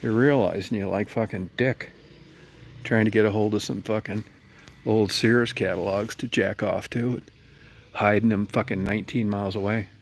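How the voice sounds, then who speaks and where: Low-voiced man in a crude rambling monologue. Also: fairly even intonation, moderate pace, a little hiss or hum. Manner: profane, rambling, acts out quoted voices.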